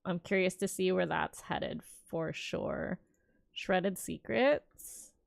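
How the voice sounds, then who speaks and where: A woman's voice: fairly low pitch, slow, gravelly, no echo. A young adult woman streamer gives a casual, enthusiastic reaction to a games showcase and muses aloud as she goes.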